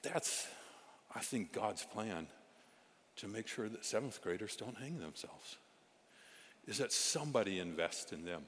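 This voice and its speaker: Low-voiced male pastor preaching in a reverberant hall. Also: a little slow, long pauses, a little hiss or hum. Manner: animated, swings from loud exclamations to hushed asides. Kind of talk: storytelling sermon. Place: church sanctuary.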